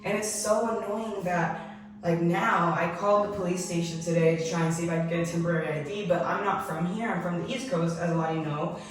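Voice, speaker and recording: A woman's voice: on the low side, steady tone, quick pace, recorded from a distance. A young woman from Maryland, a travel vlogger chatting to camera with lots of fillers, at times fighting back tears in a hotel room. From Maryland, USA. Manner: chatty and upbeat, with many fillers. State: tearful, fighting back crying. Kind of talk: casual vlog talk to camera. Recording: echoey room, voice slightly off-mic, music behind.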